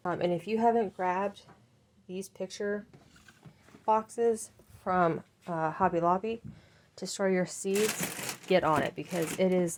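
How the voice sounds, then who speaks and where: A woman's voice: lowish voice, unhurried, background noise. Chatty woman vlogging about her seeds. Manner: chatty, rambling, frequent ums. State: out of breath. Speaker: gardening vlogger. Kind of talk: casual home vlog.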